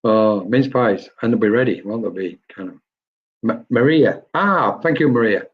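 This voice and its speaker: A man's voice: mid-range voice, expressive, normal speed. A man, a medium, giving chatty spirit readings on a live stream and addressing viewers by name. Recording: dull lo-fi stream audio.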